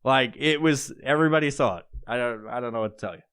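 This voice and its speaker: A man's voice: mid-range voice, quick pace, a bit bright, smooth. A man, telling a rambling, profane, laugh-filled story as a podcast host. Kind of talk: casual storytelling.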